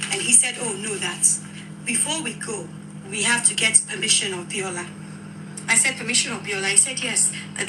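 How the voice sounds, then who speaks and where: A woman with a Nigerian accent, telling her own account as a widow, animated and quoting others in dialogue. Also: mid-range voice, background noise. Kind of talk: emotional personal account.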